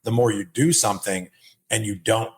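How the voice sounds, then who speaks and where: Host dude with a lowish voice, swears a bunch, keeps going "right?". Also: male voice, normal speed, vocal fry. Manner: animated, swears a lot, keeps checking with "right?". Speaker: podcast host. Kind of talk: casual podcast conversation.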